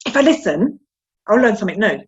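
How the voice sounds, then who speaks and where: A woman's voice: medium pitch, sing-song, fast. Guest, woman, South London accent, chatty and candid, self-deprecating, slightly muffled recording. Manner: chatty, frank, self-deprecating, repeats words. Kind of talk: candid interview chat.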